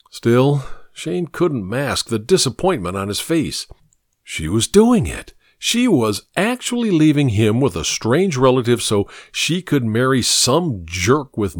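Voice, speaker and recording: A man narrating an audiobook with lively, expressive storytelling. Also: on the low side, no echo, studio quality.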